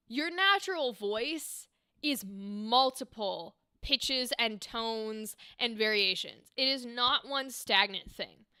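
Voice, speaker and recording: Animated young woman voice actor streaming. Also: on the high side, smooth, no room sound, clean studio sound. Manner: animated, talks with her hands, explains with demonstrations. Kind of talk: casual livestream chat. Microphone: desk microphone.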